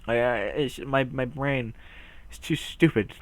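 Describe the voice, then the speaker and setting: A man's voice: mid-range voice, measured pace, dry recording. A young man rambling through a casual video, goofy and self-mocking, often stumbling and restarting his words. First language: English. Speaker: video host.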